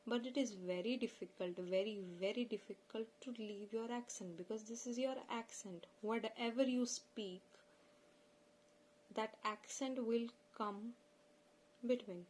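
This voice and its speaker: Slow, earnest woman with a Punjabi accent. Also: on the high side, a little mellow, low-quality recording. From India. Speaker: channel host. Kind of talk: informal spoken lesson.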